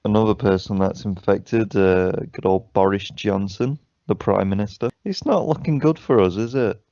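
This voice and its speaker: Guy on a skype podcast, very low voice, muffled lo-fi call sound, swears a lot. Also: moderate pace, gravelly, dark tone, dry recording. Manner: sweary, laughs often, banter. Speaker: podcast co-host. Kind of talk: casual chat. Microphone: video call. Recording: dull lo-fi call audio.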